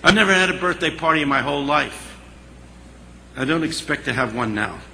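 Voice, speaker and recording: A man voicing a weary, shy woman who pleads softly, in an echoey hall. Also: on the high side, expressive, a little fast, creaky, a little hiss or hum, exaggerated voice. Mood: hurt. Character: weary, tender woman street worker, hurt and shy.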